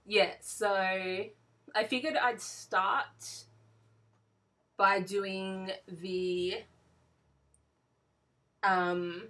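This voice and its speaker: A woman in her twenties with an Australian accent, talking slowly and haltingly with many ums while recording herself at home on a computer. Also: mid-range voice, pushed and bright, distant mic. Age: 20s. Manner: slow and halting, with frequent ums. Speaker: vlogger. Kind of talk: casual monologue reading a word list. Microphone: built-in computer mic.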